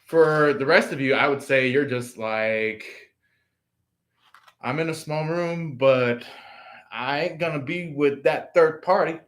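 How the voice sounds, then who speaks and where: Slow-talking man giving a tarot reading. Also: on the high side. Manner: acts out quoted voices, laughs, filler-heavy. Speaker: tarot reader. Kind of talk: live tarot reading, casual talk.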